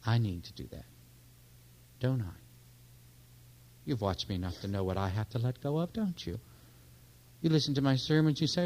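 A man giving a sermon, swinging from loud, urgent exhortation to hushed, confiding near-whispers, with stories full of quoted dialogue. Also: mid-range voice, normal speed, long pauses, rough recording. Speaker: minister.

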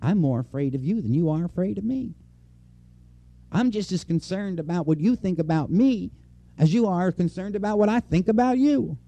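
Dark-voiced male preacher, earnest sermon. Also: high-pitched, expressive, moderate pace, gravelly, no room sound. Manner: earnest, personal, repeats lines for emphasis. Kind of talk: conversational sermon. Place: church before a congregation.

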